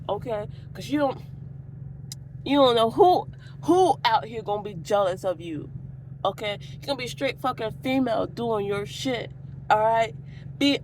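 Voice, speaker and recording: A woman's voice: fairly high pitch, darkish tone, a little hiss or hum. Profane rambling woman ranting. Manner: profane, goes off on tangents, laughs a lot. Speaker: vlogger. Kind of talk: rambling casual rant.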